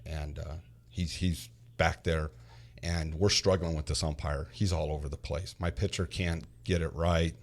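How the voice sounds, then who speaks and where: A middle-aged man in casual podcast chat, an animated storyteller who often repeats words as he starts a sentence. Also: rumbling low, measured pace. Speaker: podcast guest.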